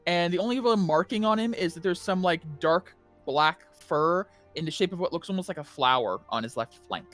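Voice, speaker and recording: A man's voice: high voice, a little fast, faint music behind. A man narrating as game master of a tabletop role-playing game, chatty and full of fillers. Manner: chatty, lively, frequent fillers.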